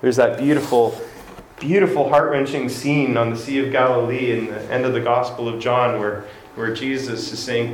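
A man preaching a sermon, conversational and animated, often repeating words as he tells stories. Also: medium pitch, normal speed, slight background noise. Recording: roomy hall echo, faint ambience.

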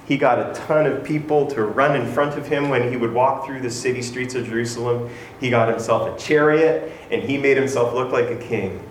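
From the pulpit, a male pastor with a mid-range voice retells a story during his sermon, taking on the voices of its characters and dropping in self-deprecating asides. The room is roomy and echoing, with a faint hum of ambience underneath.

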